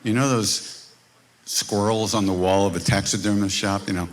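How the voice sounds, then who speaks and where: A man's voice: lowish voice, fairly even intonation, moderate pace, noisy background. A man teaching at a live retreat workshop, telling stories in a wry, conversational way and acting out the people in them. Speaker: spiritual teacher leading a workshop. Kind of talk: informal teaching talk with storytelling.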